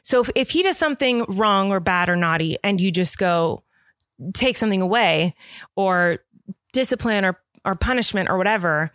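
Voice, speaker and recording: A young adult woman co-hosting a podcast, talking at length in a chatty, animated way about parenting. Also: mid-range voice, no echo, clean studio sound. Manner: talkative, animated, quick asides. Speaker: podcast co-host. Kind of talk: casual chat.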